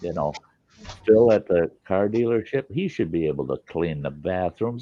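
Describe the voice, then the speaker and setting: A man's voice: low voice, expressive, normal speed, no room sound, lo-fi sound, soft background music. A man hosting a podcast, telling a work story in casual chat, blunt and profane, acting out the people he quotes. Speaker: podcast host.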